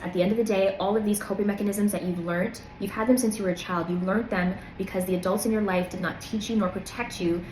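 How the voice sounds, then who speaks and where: A woman's voice: mid-range voice, fairly even intonation, fast, few pauses, darkish tone, slight background noise. Earnest woman coaching in an echoey room. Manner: earnest, coaching, repeats phrases for emphasis. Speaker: self-help video host. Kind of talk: motivational self-help talk to camera.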